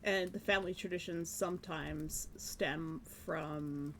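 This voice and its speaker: A woman's voice: deep voice, steady tone, slow, a little hiss or hum. A woman streaming live, chatting casually while she draws, musing and self-deprecating about her work. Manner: musing, self-deprecating, breaks into light laughs.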